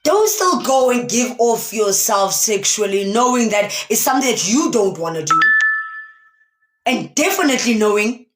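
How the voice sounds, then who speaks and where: A woman's voice: on the high side, sing-song, normal speed, faint music behind. A woman from South Africa giving a motivational talk on a live stream, speaking emphatically and asking many rhetorical questions. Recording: echoey room.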